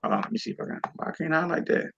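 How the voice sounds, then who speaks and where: A man teaching a live-streamed Hebrew lesson casually, repeating words and drilling syllables slowly. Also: highs cut off, background noise.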